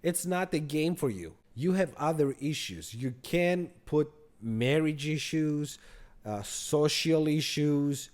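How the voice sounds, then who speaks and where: A man who moved from abroad, hosting a credit card channel and telling a story to the camera in an animated, exasperated way. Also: a little high, slow pace.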